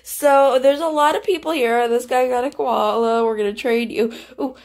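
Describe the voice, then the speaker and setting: A woman's voice: on the high side, fairly even intonation, normal speed, darkish tone. A bubbly, giggly woman chatting through casual gameplay commentary as the host, her voice fading now and then. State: voice keeps fading. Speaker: YouTuber host.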